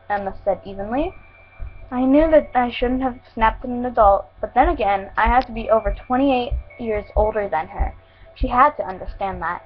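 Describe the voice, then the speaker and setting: A woman's voice: a little high, normal speed, highs cut off, faint music behind. Woman casually reading a fan story aloud. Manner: casual, unpolished reading with slips. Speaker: fan fiction reader. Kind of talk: first-person story reading.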